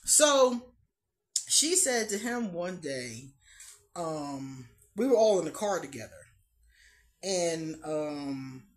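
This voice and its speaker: A woman's voice: low voice, slow pace, long pauses. A woman hosting an astrology talk channel, telling stories casually and laughing often. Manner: laughs often, animated storytelling. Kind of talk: casual chat to camera.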